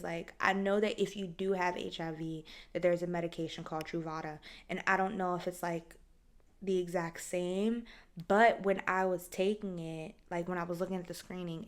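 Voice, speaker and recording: A woman hosting a casual solo podcast, telling a story in an animated, profane way and acting out other people's lines. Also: on the low side. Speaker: podcast host.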